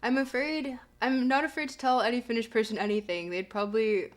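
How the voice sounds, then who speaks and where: A woman's voice: on the high side, steady tone, brisk. A young woman streaming live, chatting casually, bubbly and giggly as she gushes thanks to her viewers. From Canada.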